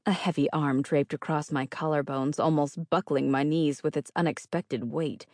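A woman's voice: low voice, steady tone, normal speed, darkish tone, no room sound. A woman narrating first-person fiction as an audiobook reader, with a wry, dry delivery.

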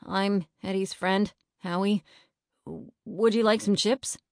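A woman's voice: medium pitch, fairly even intonation, slow, vocal fry, a little mellow, no echo, studio quality, voice pushed up. A woman voicing a nervous, wisecracking young boy who whispers and stammers in a children's storybook.

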